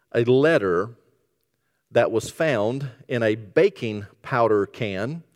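A man preaching a sermon as pastor, telling stories and dropping to a hushed voice when he quotes. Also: mid-range voice. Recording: reverberant hall.

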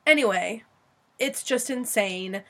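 Young female podcast co-host, giggly and excitable, casual chat. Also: a little high, takes it slowly. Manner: giggly, excitable, drawls filler words.

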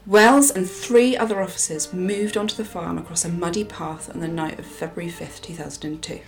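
A woman from England telling a true crime case in a casual chat, with dramatic pauses. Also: on the low side, fairly even intonation, soft background music.

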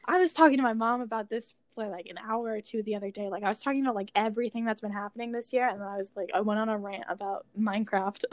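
A young woman co-hosting a podcast, chatting casually, excitable and giggly, swearing a lot. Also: mid-range voice, fast talker, hardly any pauses. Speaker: podcast co-host. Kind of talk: casual chat.

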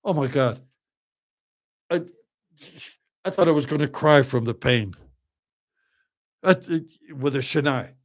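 A man in his seventies, a podcast guest, telling lively stories with lots of laughing and swearing. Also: medium pitch, slow pace, pauses often. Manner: animated, laughs often, swears freely. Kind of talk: casual storytelling.

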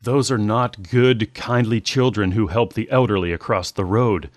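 A man voicing a hunched, spiteful old witch woman who grumbles and snaps in a hoarse voice. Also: lowish voice, steady tone, moderate pace, dry recording, studio quality, pitched above the performer's own voice, lightly acted. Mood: crabby. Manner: grumbling, snappish.

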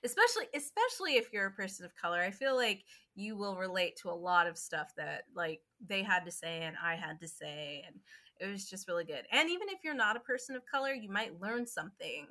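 Female podcast co-host, mid-pitched bright voice, chatty and animated, quick to laugh. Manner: chatty and animated, laughs often, swears casually. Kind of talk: casual chat.

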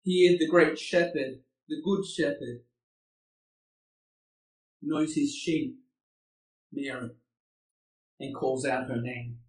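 A man's voice: mid-range voice, steady tone, takes it slowly, pauses often, a little mellow. A man preaching a sermon, earnest and asking his listeners rhetorical questions. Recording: echoey room, far from the mic.

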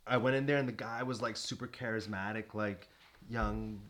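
A man's voice: lowish voice, steady tone, normal speed, fairly bright tone. A young man, a podcast co-host, telling rambling comic anecdotes in casual chat, full of "like". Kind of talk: casual comedic storytelling.

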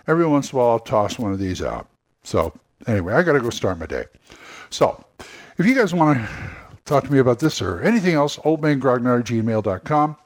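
Guy talking on his own podcast, just riffing ideas, lots of restarts and side notes, mid pitch voice. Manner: rambling, thinks aloud with restarts and asides. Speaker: podcast host. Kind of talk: casual solo podcast monologue.

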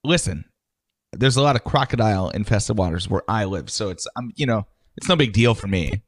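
A man co-hosting a comedy podcast, answering with wry, quick-witted banter and casual swearing. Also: fairly low pitch, expressive. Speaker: podcast co-host.

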